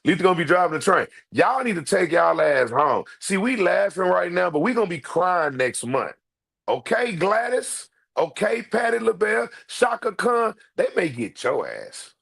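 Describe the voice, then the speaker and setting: A man hosting a livestream, his voice sitting high and jumping all over the place. He talks straight to his viewers, loud and emphatic, repeating his points and cursing freely. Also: sing-song, a little slow, gravelly, breathy edge. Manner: loud, emphatic, repetitive, profane banter to viewers. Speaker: livestream host. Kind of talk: animated livestream commentary.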